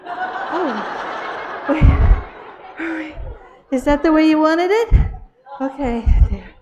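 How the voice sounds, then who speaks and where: A woman telling a playful children's story with a puppet at a church service, animated and laughing as she coaxes and scolds. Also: high-pitched, very slow, highs cut off.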